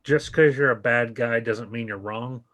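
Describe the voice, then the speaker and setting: A man's voice: medium pitch, moderate pace, fairly bright tone, slight background noise. A man playing a tabletop game, arguing his point conversationally and often chuckling. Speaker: player. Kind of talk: casual tabletop game chat.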